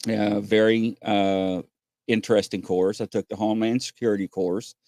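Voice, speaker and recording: A man hosting a casual podcast, telling stories with lots of pauses and acting out what people said. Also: lowish voice, little pitch movement, darkish tone, no room sound, studio quality. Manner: rambling storyteller, many "uh" pauses, acts out quotes. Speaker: podcast host. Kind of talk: casual chat.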